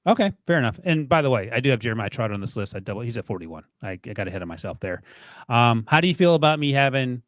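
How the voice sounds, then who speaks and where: A male podcast host who rattles through his list at a brisk clip, ribbing his co-host as he goes. The sound is dry and close, with no room around it. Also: medium pitch, sing-song, no room sound. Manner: quick, joking, teasing. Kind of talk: casual sports podcast chat.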